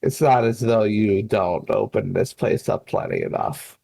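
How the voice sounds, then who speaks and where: A man's voice: fairly low pitch, huge pitch swings, unhurried, gravelly, warm tone, slight background noise, voice pushed down, full character voice. A man voicing a smug intruder who makes himself at home, with a dry, chiding way of talking, in a tabletop game.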